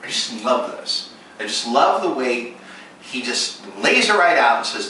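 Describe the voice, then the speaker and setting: A man delivering an animated sermon, acting out both sides of a story in a voice of middling pitch. He is recorded from well back in a strongly echoing room, with steady noise clearly audible underneath. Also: measured pace, far from the mic. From United States. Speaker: preacher.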